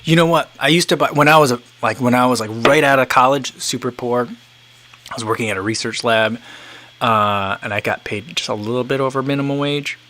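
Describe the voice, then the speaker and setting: A man in his thirties hosts a relaxed livestream and reads out viewer comments. He rambles along casually, restarting sentences and leaning on fillers. His voice sits at an ordinary middle pitch. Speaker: livestream host.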